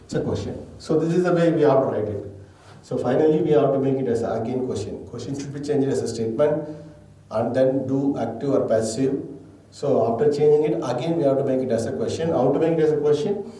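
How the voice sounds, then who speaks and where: A man's voice: medium pitch, fairly quick, warm tone. Man teaching grammar in an echoey room. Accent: Indian English. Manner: explains step by step, asks and answers own questions. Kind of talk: grammar lesson. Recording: echoey room, distant mic.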